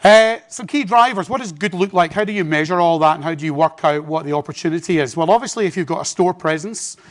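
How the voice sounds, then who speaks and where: English man, forties, conference presenter; chatty, self-deprecating, a touch high-pitched. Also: fast talker. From Britain. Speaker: conference speaker. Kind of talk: business presentation. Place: conference hall.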